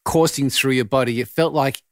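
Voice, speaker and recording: A man's voice: mid-range voice, steady tone, moderate pace, no echo, clean studio sound. A man hosting a podcast interview, asking earnest, searching questions and often restarting them as he goes. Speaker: podcast host.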